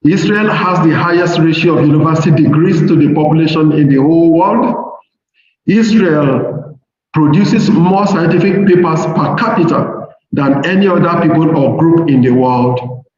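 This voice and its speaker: A middle-aged man with a Nigerian English accent, giving a measured, deliberate academic lecture from slides. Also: fairly high pitch, darkish tone. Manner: measured, deliberate, slows to stress key points. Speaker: professor giving a seminar lecture. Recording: very echoey hall, dull lo-fi sound, faint noise.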